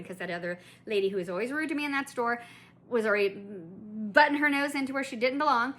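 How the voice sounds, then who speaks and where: A woman's voice: high-pitched, expressive, fast talker, bright, forceful tone. A woman vlogger telling a shopping story in a chatty, indignant way, full of asides and restarts. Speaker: collector vlogger. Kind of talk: casual ranting storytelling.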